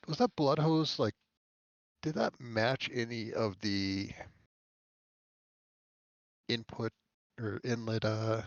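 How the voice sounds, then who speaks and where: A man's voice: medium pitch, no echo. A man playing a tabletop game, muttering to himself as he checks his notes. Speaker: player. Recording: dull, dry sound.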